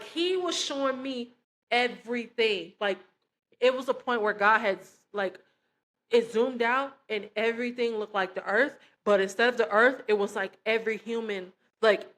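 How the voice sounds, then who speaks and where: A woman's voice: on the high side, normal speed, a bit bright. A young woman giving a casual spoken faith testimony, full of fillers and acting out quoted dialogue as she tells the story. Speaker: testimony speaker.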